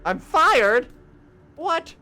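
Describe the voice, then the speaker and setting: A man voicing a flustered young male assistant who keeps yelling in shrill disbelief. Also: big pitch swings, normal speed. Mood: panicked.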